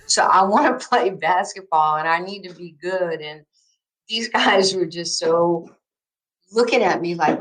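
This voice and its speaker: Lively storytelling woman, faint New York accent. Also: lowish voice, normal speed, poor audio. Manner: lively anecdotal storyteller with fillers. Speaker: guest, basketball coach. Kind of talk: storytelling in a podcast interview.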